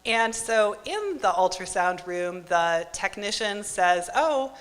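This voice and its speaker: A woman's voice: medium pitch, animated, slow, a bit bright. A woman in her thirties telling a wry, self-mocking true story on stage at a live storytelling event. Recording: live hall with long reverb.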